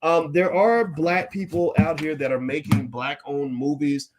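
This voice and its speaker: A man's voice: a little high, fairly even intonation, a little slow, noisy background. A man giving a casual opinion monologue as a finance commentator. He talks emphatically, repeats key phrases and laughs while making his points.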